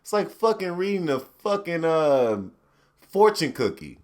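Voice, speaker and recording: A man hosting a podcast, ranting casually in a profane, animated way and slipping into mock quotes. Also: a little high, unhurried. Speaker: podcast host. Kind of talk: solo ranting commentary.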